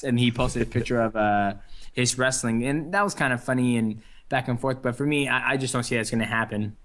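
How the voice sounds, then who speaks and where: A young man talks through an interview at an easygoing pace. His speech is loose and full of fillers and restarts. His voice sits at an average pitch. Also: steady tone, moderate pace, fairly bright tone. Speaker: interview guest, fighter. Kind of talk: casual phone interview.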